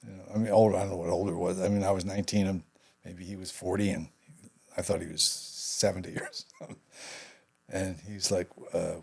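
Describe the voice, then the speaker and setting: An older man speaks in a fairly low voice, telling his story slowly and thoughtfully. He stumbles over restarts and lets his sentences fade into quiet asides, as a guest would in an interview. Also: level tone, vocal fry, slightly rough. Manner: halting, reflective, trailing off into quiet asides. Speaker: guest, veteran actor and writer.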